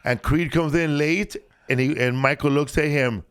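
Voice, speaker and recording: A man's voice: fairly high pitch, fairly even intonation, moderate pace, hardly any pauses, a bit bright, clear, resonant tone. A man co-hosting a casual podcast, rambling and swearing with lots of restarts and fillers. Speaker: podcast co-host.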